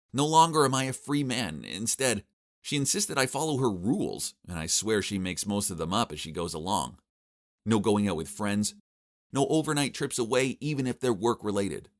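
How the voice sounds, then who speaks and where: A young man giving wry, exasperated first-person narration of an animated story. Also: fairly low pitch. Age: young adult.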